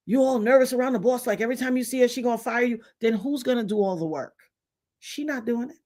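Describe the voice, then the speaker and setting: A woman hosting a casual livestream, telling blunt, emphatic stories in slangy talk, her voice swinging widely in pitch and loudness as she laughs her way through. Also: fast. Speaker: livestream host reading viewer comments.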